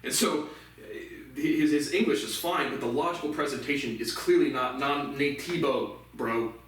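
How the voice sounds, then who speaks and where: A man's voice: mid-range voice, moderate pace, a bit bright, a little hiss or hum. Man, angry profane rant, very echoey room, far from the mic. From United States. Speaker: vlogger. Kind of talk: solo ranting monologue.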